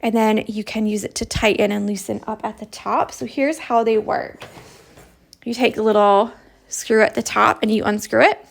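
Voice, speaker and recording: This young Canadian woman teaches embroidery in a casual, chatty, upbeat way, walking through each step. Her voice is fairly high with vocal fry, and she keeps a fairly even intonation at a moderate pace.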